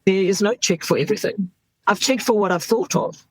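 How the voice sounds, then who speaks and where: A woman's voice: mid-range voice, a little fast, no echo, poor audio. A woman in her fifties, an emergency doctor, speaking frankly in an interview and acting out what people say. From South Africa. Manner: frank, acts out quoted voices. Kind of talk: candid interview talk.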